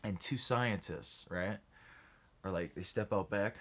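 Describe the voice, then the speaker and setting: A man's voice: fairly low pitch, a little slow, fairly bright tone. A man co-hosting a casual comedy chat, acting out characters with silly voices and swearing a lot. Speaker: co-host pitching a movie idea.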